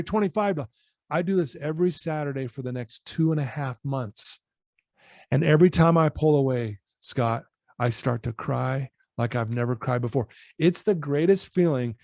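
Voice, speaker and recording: Coach in his fifties, podcast guest. Earnest, animated storyteller, slightly high pitch. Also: no echo, clean studio sound. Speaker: guest, personal-development coach.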